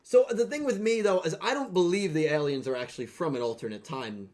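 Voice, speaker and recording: A man co-hosting a casual podcast, talking in animated bursts that break off and restart. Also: a little high, a little fast, a loud crowd. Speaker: podcast co-host.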